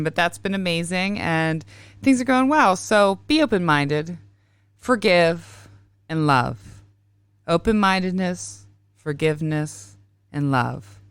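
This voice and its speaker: A woman's voice: on the low side, a bit bright, smooth, no room sound. Tired, rambling woman podcast host. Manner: rambling, self-interrupting, laughs at herself. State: tired, yawning. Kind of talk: casual spiritual monologue.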